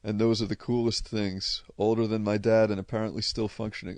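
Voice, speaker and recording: A man's voice: lowish voice, flat delivery, fairly quick, darkish tone, no room sound. A man from Connecticut with a New England accent, chatting casually and bluntly, swearing freely as he answers viewer questions. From Connecticut, USA. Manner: profane, blunt, rambling. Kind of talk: casual unscripted chat.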